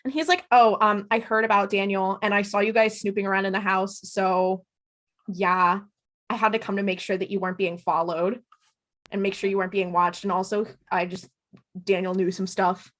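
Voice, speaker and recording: A woman co-hosting a podcast, retelling a TV episode in casual chat and acting out the characters' lines with animated energy. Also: mid-range voice, normal speed. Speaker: podcast co-host.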